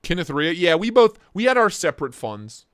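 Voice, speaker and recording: Young male host, jokey and excitable, slightly high voice, dry home-office sound. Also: a little fast, clear, resonant tone, no room sound. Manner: excitable, joking, reacts to chat. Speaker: livestream host reviewing knives. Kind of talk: casual live-stream chat.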